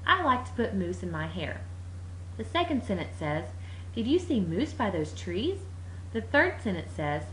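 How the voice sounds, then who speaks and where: A woman walks through a lesson on confusing words, her pitch leaping up and down as she stresses each example. The recording sounds roomy, with a faint hiss behind her. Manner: lively, playful emphasis on words. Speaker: teacher. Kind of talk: animated explainer narration.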